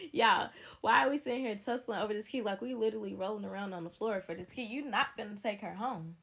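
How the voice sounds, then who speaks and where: A young woman telling a story in a casual, blunt, animated way, talking straight to her viewers. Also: medium pitch, a little fast, vocal fry, slightly rough.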